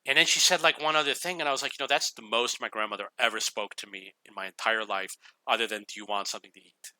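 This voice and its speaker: Bright, crisp-voiced man telling a rambling story. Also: medium pitch, fairly even intonation, quick pace, no room sound. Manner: rambling, chuckling, with restarts. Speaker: gaming YouTuber. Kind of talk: casual storytelling over gameplay.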